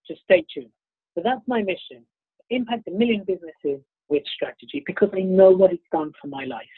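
A man's voice: on the high side, husky, no room sound. A British man giving an upbeat, self-promoting keynote talk, slightly congested with the sniffles. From United Kingdom. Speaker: keynote speaker. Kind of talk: motivational presentation. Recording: tinny phone-like dry line.

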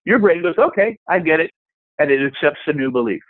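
A man's voice: a little high, a little fast, no room sound. A man giving a motivational self-help talk, acting out the voices in your head. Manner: animated, acts out inner voices. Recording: tinny phone-like radio sound.

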